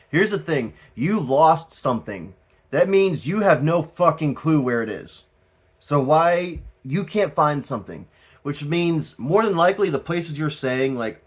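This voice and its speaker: A man giving a tarot reading as the host, talking casually, rambling and animated, often laughing and swearing. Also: fairly high pitch, measured pace, pauses often, husky. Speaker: tarot reader.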